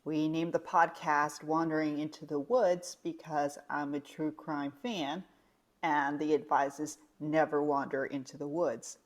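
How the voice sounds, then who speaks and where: A woman's voice: deep voice, steady tone, a little slow. A young woman co-hosting a casual podcast, chatting in a rambling way with many fillers. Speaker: podcast co-host.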